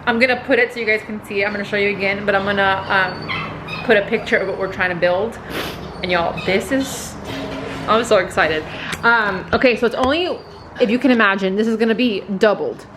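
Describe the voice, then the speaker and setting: A young woman vlogs casually from home, bubbly and quick to gush about what she is making. Her voice sits at an average pitch. The home video sound carries steady background noise. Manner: bubbly, giggly, gushing. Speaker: vlogger. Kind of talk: casual DIY vlog chat.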